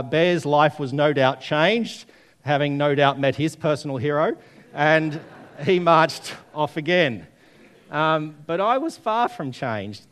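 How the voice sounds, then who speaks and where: A man preaching a sermon, telling stories and asking the congregation questions. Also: medium pitch. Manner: storytelling, conversational, asks the audience questions.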